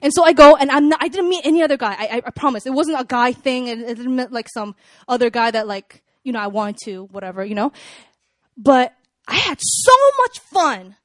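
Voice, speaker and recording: A young woman with a high, bright-sounding voice talks to a room full of people in a relaxed, sermon-like way. She is chatty and animated, with lots of filler words. The sound is close and dry, with hardly any room echo. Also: a little fast. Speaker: speaker at a church gathering. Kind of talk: casual sermon talk. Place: room with a live audience.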